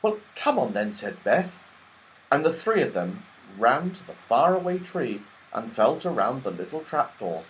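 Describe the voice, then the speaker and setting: Male audiobook reader for a children's story, unhurried and animated. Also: mid-range voice, slight background noise, poor audio. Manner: slow, expressive reading. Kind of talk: storybook narration.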